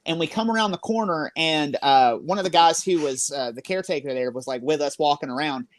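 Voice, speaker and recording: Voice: mid-range voice, fairly quick, dry recording. A paranormal investigator guest telling a ghost story in a podcast interview with awe, many fillers and restarts. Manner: filler-heavy, awed storytelling.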